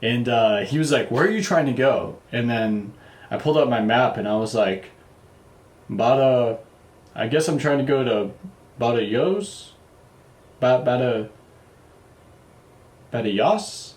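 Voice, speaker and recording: A man's voice: medium pitch, normal speed. Casual, swearing man in a roomy echo. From United States. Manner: loose and profane, full of fillers and restarts. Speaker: vlogger. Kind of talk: casual travel storytelling.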